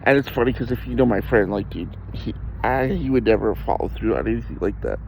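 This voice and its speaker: A man's voice: lowish voice, expressive, a little fast, creaky, darkish tone, slight background noise. An adult man talking candidly in casual conversation, rambling and self-deprecating, often laughing and restarting his sentences. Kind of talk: candid personal storytelling in conversation.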